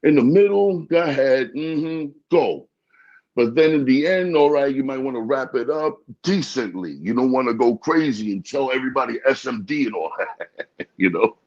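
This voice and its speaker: A man chatting casually in an interview, animated, often stammering and repeating words. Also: medium pitch, normal speed. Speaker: podcast host being interviewed. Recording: dull lo-fi sound.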